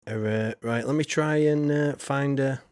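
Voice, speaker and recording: A man's voice: medium pitch, a little slow, darkish tone, clean tone, no echo. Chatty male streamer, dry close mic. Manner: rambling, chatty, greets viewers by name. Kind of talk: casual gameplay commentary.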